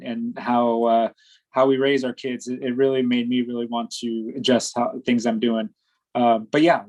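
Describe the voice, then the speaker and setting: A man in relaxed podcast conversation, speaking at a middle pitch for a man. He talks in a halting, measured way, pausing and restarting as he reasons things out. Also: poor audio. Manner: hesitant, many fillers and restarts, measured and agreeable. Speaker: podcast co-host. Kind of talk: casual chat.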